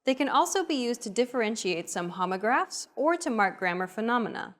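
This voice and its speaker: A woman narrating a scripted language lesson in an even, explanatory way. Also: fairly high pitch, a little fast.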